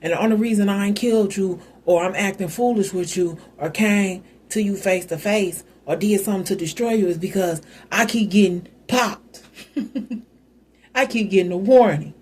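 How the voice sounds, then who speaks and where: A woman's voice: mid-range voice, a little mellow, slightly rough. A woman voicing a boastful, scheming older father-in-law who accuses his son-in-law in street-style talk.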